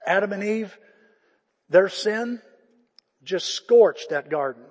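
A man's voice: high voice, expressive, takes it slowly, darkish tone, slightly rough. An older man preaching a conversational sermon to his congregation, retelling scripture with feeling. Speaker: pastor. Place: church sanctuary. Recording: long reverb of a church hall.

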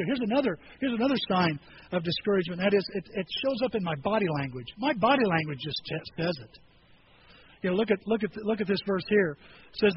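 Animated high-voiced male preacher. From rural farm upbringing. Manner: animated, acts out bits of scripture in quoted voices. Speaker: pastor. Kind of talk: sermon. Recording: slightly dull recording with faint noise.

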